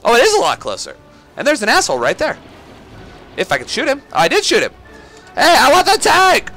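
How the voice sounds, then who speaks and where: A man giving let's play commentary on a shooter game, excitable, swearing and yelling at enemies. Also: very high-pitched, fairly quick, soft background music. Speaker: gaming YouTuber.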